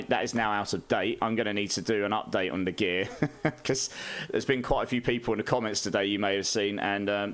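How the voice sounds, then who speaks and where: Casual male streamer, lower voice, friendly chat and frequent laughs. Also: a bit bright. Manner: chatty, greets chat, laughs often. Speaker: game streamer.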